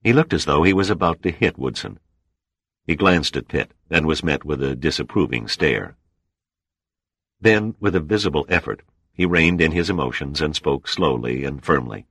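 A male audiobook narrator with an extremely deep voice, reading in a steady, measured way. The recording is dry and close, with no room sound. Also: dry recording. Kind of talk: scripted narration.

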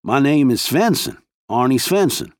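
A man's voice: mid-range voice, animated, moderate pace, no echo, studio quality, pitched above the performer's own voice, lightly acted. A man voicing an aging former assassin who hides behind a folksy Western drawl, raised above his narrating voice. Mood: cheerful. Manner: folksy Western drawl put on over a hidden past.

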